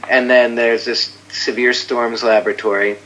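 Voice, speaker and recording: A man chats as an interview guest in a loose, excitable way, tripping over his words and circling back. His voice has a bright, forceful edge. He breaks into small chuckles at his own expense, with faint noise in the background. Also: mid-range voice, moderate pace, low-quality recording. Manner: rambling and excitable, trailing off and restarting. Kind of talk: casual chat.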